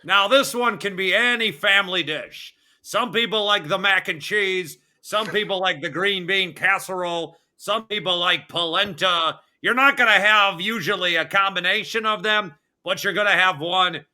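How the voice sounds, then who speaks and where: A man hosting a casual sports podcast, talking in a high, piercingly bright voice. He is brash and profane, and he drags out his words like a mock announcer. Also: normal speed, few pauses. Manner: crude, emphatic, mock list-countdown delivery. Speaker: podcast host.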